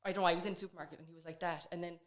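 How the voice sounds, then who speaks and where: A woman's voice: on the low side, steady tone, rapid-fire. A woman chatting as a podcast guest, telling stories in a loose, rambling way with many fillers. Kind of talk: casual chat.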